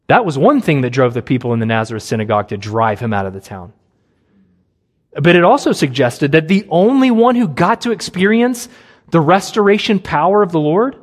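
A man preaching a sermon, earnest and emphatic, with long pauses and a low, soft voice for Jesus' words.

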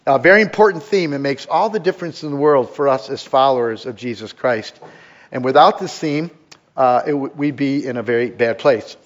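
A male pastor delivers a sermon to his congregation in a mid-pitched, earnest voice. He repeats words for emphasis and fills pauses with soft "uh"s. The recording sounds a little dull and lo-fi. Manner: earnest, with frequent fillers and repetitions.

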